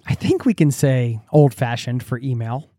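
A man's voice: mid-range voice, animated, normal speed, dry recording, studio quality. A man hosting a podcast, reading out and answering listener mail in an earnest, chatty way, often restarting his words. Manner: earnest, warm-hearted, many restarts and repeated words. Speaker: podcast host.

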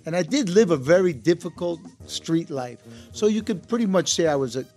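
Man guest, storyteller, slightly high voice, faint music underneath. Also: brisk. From United States. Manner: relaxed storytelling, mixes English and Spanish words. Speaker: actor guest. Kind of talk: casual interview talk.

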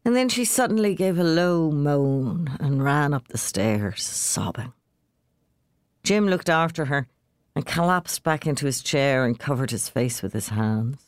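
A woman reads a short story aloud, measured and expressive, her pitch rising and falling in lively arcs. The sound is dry and close. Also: dry recording. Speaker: author reading a story. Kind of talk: literary reading aloud.

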